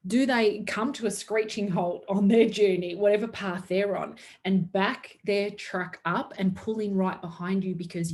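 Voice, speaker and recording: A woman's voice: medium pitch, darkish tone. A woman giving an earnest motivational talk to her sales team, upbeat and laughing often. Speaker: network marketing team leader.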